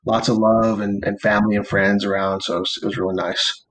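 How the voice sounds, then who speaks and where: A man's voice: on the low side, level tone, a little fast, a bit bright. Laid-back young man telling a rambling story. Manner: rambling storytelling, heavy use of "like" and "or whatever"; laid-back and playful, swearing casually. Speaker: podcast co-host. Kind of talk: casual chat.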